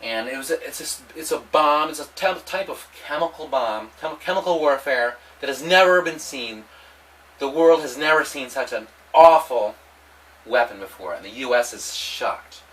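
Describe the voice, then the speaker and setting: A man delivering a rambling, provocative monologue, halting often and restarting his sentences. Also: mid-range voice, a bit bright, far from the mic, low-quality recording. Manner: halting, with many restarts and repetitions. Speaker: vlogger.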